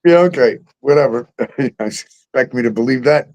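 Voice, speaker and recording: A man's voice: medium pitch, moderate pace, a little mellow. A middle-aged man hosting a talk show, ranting with heavy profanity, sarcasm and disbelief.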